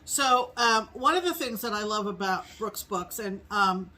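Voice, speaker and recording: Slow-talking rambling woman, full of ums. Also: medium pitch, lively intonation, pushed and bright, poor audio. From New England. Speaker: co-host. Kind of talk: casual chat.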